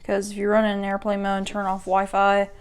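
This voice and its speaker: A woman with a smooth, clean voice talks through a casual tech walkthrough. She rambles and keeps stopping to rephrase and correct herself mid-sentence. Her pitch sits in an ordinary middle range. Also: completely flat delivery, quick pace. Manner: rambling, self-correcting, restarts sentences often. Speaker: tech YouTuber.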